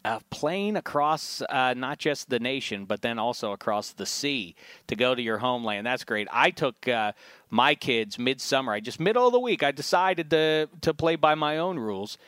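A man hosting a sports podcast, chatting casually with jokey, animated banter. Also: medium pitch, moderate pace, clean tone, no echo. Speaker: podcast host.

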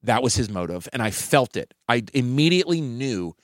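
A man's voice: medium pitch, very animated, normal speed, no echo, studio quality. A man, a comedian and podcast co-host, telling a story in casual chat, acting out the people in it and swearing freely. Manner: acts out quotes of hecklers and himself, swinging up loud for them.

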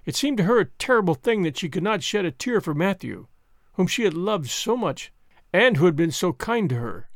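A man narrating an audiobook in a measured, gentle way. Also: high voice, sing-song, no echo, clean studio sound. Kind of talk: scripted narration.

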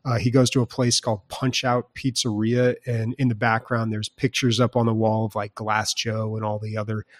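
A man's voice: lowish voice, flat delivery, normal speed, few pauses, no room sound. A man co-hosting a podcast in casual chat, rambling with plenty of fillers and restarts. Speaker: podcast co-host.

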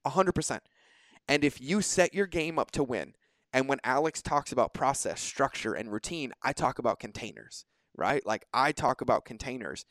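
A man's voice: mid-range voice, animated, normal speed, a bit bright, no room sound. A man hosting a podcast in casual conversation, talking emphatically and swearing casually. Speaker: podcast host.

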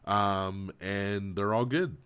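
A man's voice: on the low side, steady tone, takes it slowly, fairly bright tone, clear, resonant tone, highs cut off. A man hosting a casual podcast, recapping in a rambling way with lots of fillers and laughs. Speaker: podcast host. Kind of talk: casual chat.

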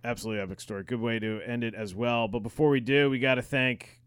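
A man's voice: mid-range voice, steady tone, fast talker, clear, resonant tone, no room sound. A man co-hosting a podcast who reacts with short, laid-back affirmations and also reads the sponsor message. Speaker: podcast co-host. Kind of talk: casual chat and sponsor read.

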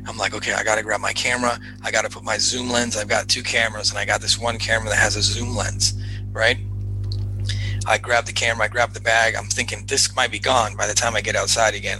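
Bright, excitable man telling a story. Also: medium pitch, poor audio. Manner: animated, repeats himself, acts out his own excited shouts. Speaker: podcast guest. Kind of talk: casual storytelling chat.

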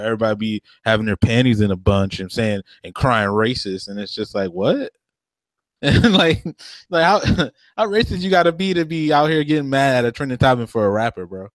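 A man's voice: mid-range voice, brisk, no echo. Laid-back slangy man on a podcast. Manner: relaxed, slangy, laughs often. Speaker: podcast co-host. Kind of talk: casual chat.

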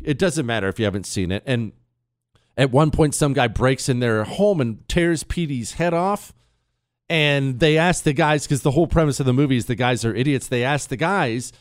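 A man hosting a talk radio show from a studio, telling a story in a casual, animated way. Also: medium pitch, dry recording. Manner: animated storyteller, laughs at his own tale. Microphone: studio microphone.

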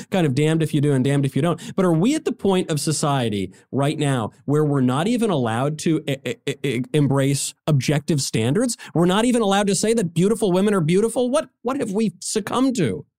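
A man's voice: fairly high pitch, a little mellow. A man hosting a political podcast, teasing his guest in a mock-serious tone and reading out listener questions. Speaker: podcast host. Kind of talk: casual political podcast chat.

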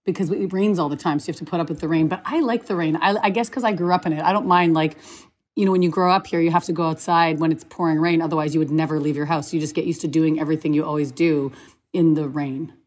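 Woman in her 40s, guest on a podcast, quick chatty talk, lowish voice. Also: steady tone, darkish tone. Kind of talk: casual chat.

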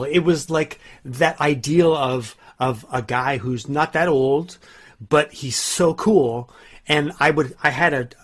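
A man's voice: fairly high pitch, breathy edge. A man, a musician guest, answering thoughtfully with some hesitation. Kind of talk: reflective interview answer.

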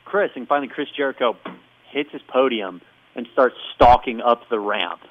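A man's voice: mid-range voice, moderate pace, no room sound. A man hosting a podcast, retelling a story in casual chat with frequent laughs, on a dull, dry recording. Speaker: podcast host.

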